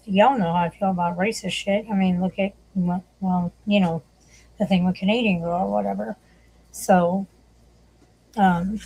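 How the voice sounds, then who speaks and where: A woman's voice: mid-range voice, rough recording. A woman hosting a livestream, chatting casually, swearing often and laughing as she talks. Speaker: livestream host.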